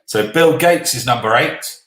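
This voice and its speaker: A man running a live online quiz, reading the answers at an unhurried pace. He jokes with the players between questions and swears now and then. His voice carries a roomy echo. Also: medium pitch, a bit bright. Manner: jokey, swears then apologises, reads answers slowly. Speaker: quiz host. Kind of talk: live online quiz hosting, casual banter. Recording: echoey room.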